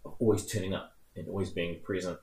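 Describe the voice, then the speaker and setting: This guest talks fast in a low-sitting voice, a man in his thirties with a New Zealand accent. His casual chat wanders from story to story, lively and punctuated by laughter, all captured with a roomy echo.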